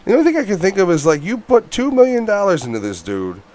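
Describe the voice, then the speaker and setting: A man's voice: high-pitched, fast, a crowd in the background. A man co-hosting a casual movie review podcast who talks bluntly, swears a lot and gets worked up. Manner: blunt, swears often, animated rants. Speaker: podcast co-host.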